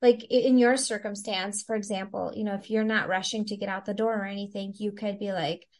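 Speaking fairly quickly in a medium-pitched, darkish voice with fairly even intonation, this Christian stress coach talks as a guest in a casual podcast interview. She thinks aloud, chatty and reflective, leaning heavily on "like."

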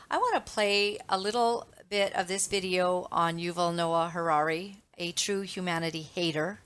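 A woman's voice: fairly low pitch, fairly bright tone, clean tone. A woman hosting a talk show in a chatty monologue, laughing often and restarting her sentences. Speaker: show host.

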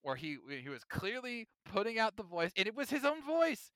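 A high, lively man's voice, bright and crisp, sounding off on a podcast. He talks in an emphatic, animated way, stacking up his points. The sound is dry and close. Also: moderate pace, no echo. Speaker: podcast co-host. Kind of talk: casual chat.

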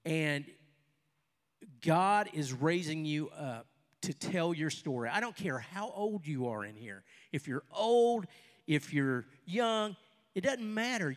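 An older man, a pastor, preaching a sermon and telling stories, with sudden loud bursts and quieter asides. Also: high voice. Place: church hall with a congregation. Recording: long reverb of a large hall.

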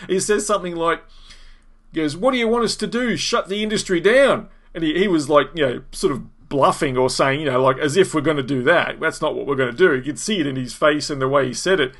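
An Australian man hosting a podcast, telling a story in lively casual commentary and acting out what people said. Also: fairly high pitch, quick pace. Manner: animated storyteller, acts out quotes, chuckles. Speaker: podcast host.

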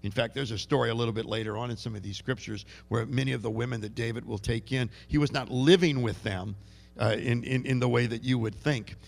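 A man's voice: mid-range voice, steady tone, fairly quick, vocal fry. A man preaching a sermon in a conversational way, often repeating words and restarting. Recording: long reverb of a large hall.

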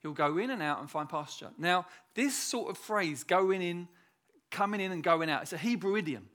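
Male pastor, high-pitched, conversational sermon delivery with emphatic repetition. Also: lively intonation, normal speed, fairly bright tone.

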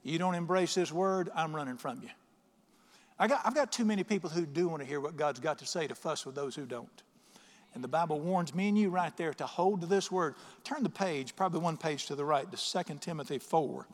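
A middle-aged pastor preaches emphatically, reading scripture slowly and firing questions at the congregation. His voice is a little high for a man and rings through a large church hall with long reverb.

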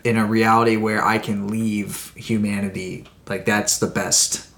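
A man co-hosting a podcast chats casually, rambling and correcting himself as he talks. His voice is fairly low and fairly bright, with a level tone and a slightly slow pace.

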